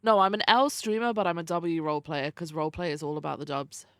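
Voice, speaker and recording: A woman's voice: sits low, steady tone, fast talker, clean tone, dry recording. A young adult woman streamer chatting casually with her viewers, greeting them by name and swearing freely. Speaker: livestreamer.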